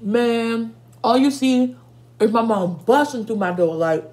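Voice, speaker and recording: A young woman vlogger telling a storytime with lively, profane chatter aimed straight at her viewers. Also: fairly high pitch, measured pace. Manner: animated, profane, talks to viewers as y'all. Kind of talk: casual storytime while eating.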